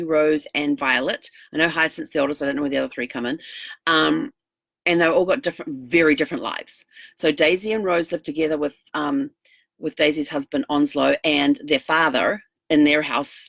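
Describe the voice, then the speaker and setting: A middle-aged woman rambles through her day in a relaxed video diary, laughing easily as she goes. Her voice sits a little low, and the recording is close and dry with no room sound. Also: dry recording. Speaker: vlogger. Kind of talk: casual daily video diary.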